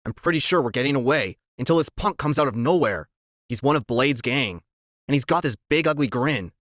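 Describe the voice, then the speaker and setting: A man reading a children's story aloud in the first person, telling it in a lively, expressive way. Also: mid-range voice, fairly quick, no room sound, clean studio sound. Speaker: reader.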